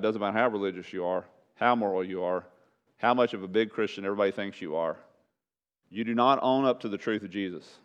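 A man's voice: on the low side, fast talker, smooth. Emphatic male preacher, dull recording. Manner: swings from loud emphatic preaching to hushed pleading; asks the congregation rhetorical questions. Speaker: pastor. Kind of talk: sermon.

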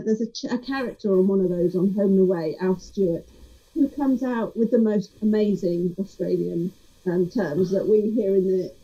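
A woman's voice: medium pitch, mellow, husky. A woman hosting an interview, chatting in a friendly, talkative way with rambling asides. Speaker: host. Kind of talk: casual interview chat. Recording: dull lo-fi sound.

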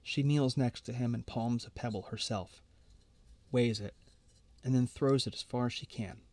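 A man reading fiction aloud in a measured, quiet narrating manner. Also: medium pitch, no room sound. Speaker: storyteller.

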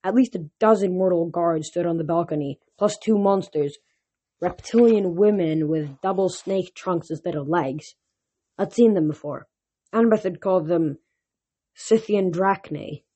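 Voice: medium pitch, measured pace, mellow. Amateur audiobook reader with slips. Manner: first-person narration with frequent slips and restarts. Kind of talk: audiobook reading of a novel.

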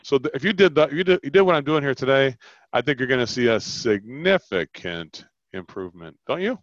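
Over a dull, lo-fi phone line, a man coaches someone on selling. He animatedly role-plays each side of the call in a mid-range voice at a fairly quick pace, with no room sound.

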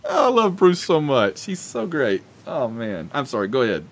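Rambling, excitable male podcast host. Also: on the high side, moderate pace, background noise. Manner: rambling, excitable, self-interrupting. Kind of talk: casual sports chat.

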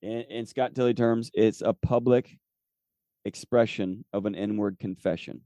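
A man teaches from the Bible for his podcast in a relaxed, conversational way. His mellow, low-toned voice keeps checking in with "okay?" as he reads scripture aloud. The close mic gives a dry sound. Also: unhurried, dry recording. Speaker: podcast host and preacher.

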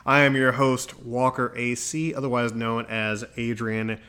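A man's voice: medium pitch, little pitch movement, measured pace, pushed and bright, clean tone. Chatty male podcast host. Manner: upbeat and chatty, reels off plugs for his show. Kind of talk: casual podcast monologue.

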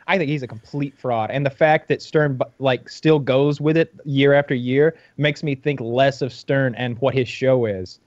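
A man's voice: medium pitch, steady tone, moderate pace, hardly any pauses, no room sound. Blunt man on a dull dry mic. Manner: blunt, opinionated, stammering restarts. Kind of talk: casual chat.

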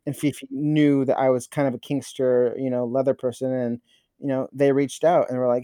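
A young man, a podcast guest, telling crude, animated stories in casual chat, swearing and stumbling over fillers. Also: mid-range voice, brisk, clear, resonant tone, dry recording, clean studio sound.

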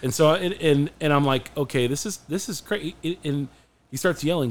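A man co-hosting a podcast, telling a story in casual chat, animated and often restarting his sentences. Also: on the high side, moderate pace. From Phoenix area, USA. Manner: animated, restarts a lot, acts out quotes. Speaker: podcast co-host.

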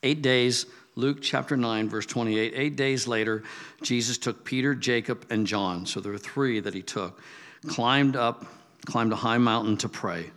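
A man's voice: mid-range voice, a little slow, a bit bright, big-room sound. An older man giving a casual Bible teaching, chatty, with asides and restarts. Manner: conversational, restarts and asides, acts out quotes.

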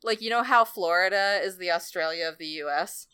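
A woman's voice: on the low side, brisk, a crowd in the background. A young woman chatting casually as a podcast co-host, playful and enthusiastic. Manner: playful, enthusiastic, trails off into laughs. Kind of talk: casual chat.

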